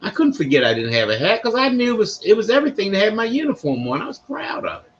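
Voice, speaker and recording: A man's voice: sits high, sing-song, fast, a little hiss or hum. An older man with a Baltimore accent hosting a sports podcast in a rambling, slangy storytelling manner. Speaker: podcast host. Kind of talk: casual sports talk. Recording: dull lo-fi recording.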